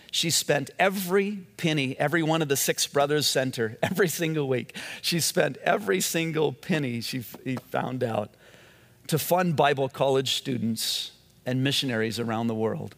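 A man's voice: medium pitch, creaky, a bit bright, big-room sound. A male pastor giving a sermon in a conversational storytelling way, often restarting his phrases.

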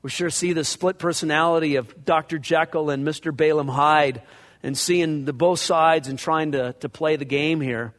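Preaching verse by verse, this pastor keeps things conversational and slips into character to act out passages of scripture. His fairly high, fairly bright voice moves at normal speed with fairly even intonation, and a large hall's long reverb surrounds it.

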